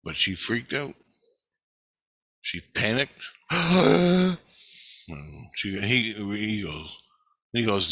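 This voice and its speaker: Low-voiced man, profane agitated rant, bright edge, dry close sound. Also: animated, drawn-out words, long pauses, no echo. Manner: profane, agitated, repeats himself. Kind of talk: angry rambling monologue.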